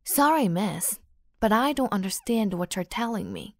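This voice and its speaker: A woman's voice: mid-range voice, big pitch swings, moderate pace, darkish tone, dry recording, clean studio sound. A woman voicing a smug, teasing young male French teacher in an audiobook, speaking in a taunting manner. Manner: smirking, taunting. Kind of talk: audiobook character voice.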